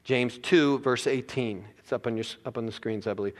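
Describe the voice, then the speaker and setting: A man's voice: mid-range voice, brisk. Emphatic male pastor in a reverberant hall. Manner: emphatic, repeats words while building points. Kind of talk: sermon. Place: church sanctuary. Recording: long reverb of a large hall.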